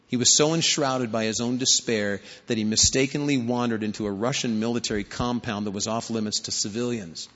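A man's voice: medium pitch, fairly bright tone. A man preaching a sermon, telling stories and rising to emphatic questions. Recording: hall reverb, dull lo-fi sound.

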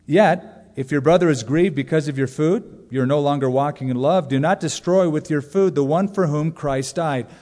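A man in his forties preaching a sermon to a congregation, joking and animated, leaning hard into emphasis. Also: fairly high pitch, moderate pace, hardly any pauses. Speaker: pastor. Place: large church sanctuary. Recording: long reverb of a large church hall.

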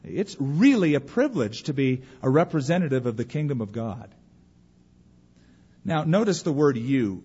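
A man preaching a sermon as pastor, emphatic, slowing for weight and dropping to a hush at the ends of phrases. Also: on the high side, lively intonation, slightly rough. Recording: dull lo-fi recording.

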